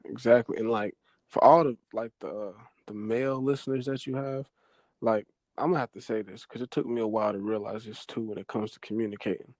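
A man's voice: fairly low pitch, fairly even intonation, a little fast, a little mellow, no room sound. A young man on a podcast as a guest, giving earnest, conversational advice. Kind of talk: casual chat.

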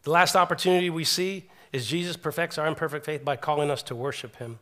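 This sermon comes from a middle-aged man who talks fast in a fairly high voice. He is earnest and animated, frequently restarting while retelling stories.

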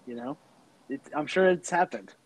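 A man's voice: on the high side, moderate pace, slight background noise, rough recording. A man co-hosting a podcast in casual chat, joking and laughing often. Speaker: podcast co-host.

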